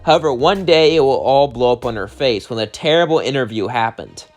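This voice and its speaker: A man's voice: medium pitch, fairly quick. A man tells a fan-made what-if story in a rambling, loose way, often restarting his sentences. His voice sits in the middle range, and faint music plays underneath. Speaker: narrator.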